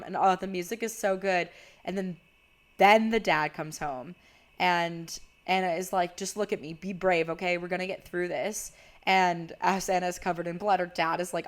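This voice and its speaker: A young woman casually retelling a horror movie's plot, chatty and full of "like". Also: fairly low pitch. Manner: chatty, heavy use of "like". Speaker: video creator.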